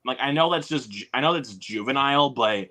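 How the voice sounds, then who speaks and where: A man's voice: mid-range voice, expressive, a little fast, bright, forceful tone. A young man hosting a live stream, rambling in a laid-back way with lots of fillers. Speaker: streamer host. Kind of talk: casual chat.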